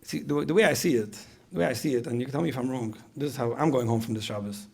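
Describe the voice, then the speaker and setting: Gravelly fast-talking male lecturer. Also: medium pitch, darkish tone. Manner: repeats phrases, asks the audience questions. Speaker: speaker at a parenting retreat. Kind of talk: conversational lecture.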